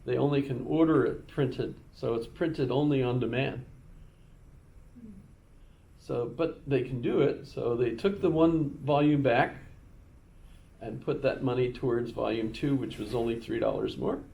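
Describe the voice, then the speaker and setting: A man's voice: medium pitch, a little slow, creaky, mellow. A male instructor chatting casually with his class, rambling through an anecdote with many restarts and repeated words, and fond of puns.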